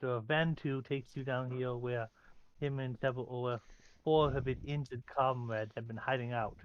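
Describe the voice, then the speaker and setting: A man narrating a tabletop game as game master, describing scenes in a halting way with fillers and restarts. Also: mid-range voice, smooth, muffled recording.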